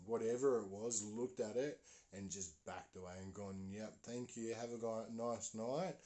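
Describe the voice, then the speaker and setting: A man telling a story in a loose, rambling way, full of fillers and slang. His voice sits fairly low. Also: darkish tone. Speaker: podcast host. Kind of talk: casual storytelling.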